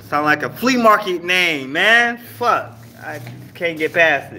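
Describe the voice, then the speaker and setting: A man's voice: on the high side, animated, unhurried, bright, forceful tone, slight background noise. A man hosting a casual livestream, chatting loosely with viewers, teasing and cursing freely. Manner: loose, profane, teasing banter with chat. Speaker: livestream host.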